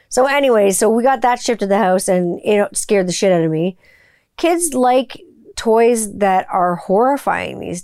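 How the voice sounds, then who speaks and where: A woman's voice: mid-range voice, a little mellow, no room sound. Lady in her 40s just chatting away, rambly, swears a lot, dry close sound. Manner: chatty, rambling storyteller who swears freely. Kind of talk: casual chat.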